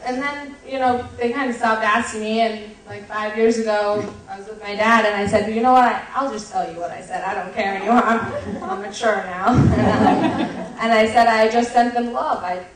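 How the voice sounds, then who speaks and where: A woman's voice: medium pitch, fairly even intonation, moderate pace, far from the mic, crowd noise. A young woman casually telling a childhood story, light and a bit shy, often laughing. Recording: very echoey, from off-mic.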